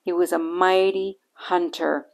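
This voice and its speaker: A woman hosting a bible-reading podcast, talking in a halting, earnest way with many fillers and restarts. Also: lowish voice, fairly even intonation, gravelly, a little mellow. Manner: earnest and reflective. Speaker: podcast host reading scripture.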